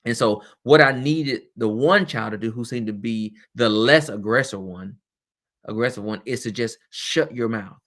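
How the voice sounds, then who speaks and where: A man's voice: mid-range voice, moderate pace, fairly bright tone. A man hosting a webcast as a former teacher, talking candidly and casually, with frequent laughs and chatty asides.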